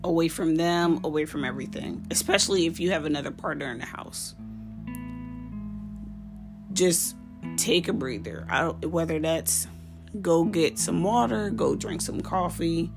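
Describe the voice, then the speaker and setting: Slow, gravelly-voiced woman podcaster. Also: low voice, over music. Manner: earnest, heartfelt and direct. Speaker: podcast host. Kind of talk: casual parenting advice monologue.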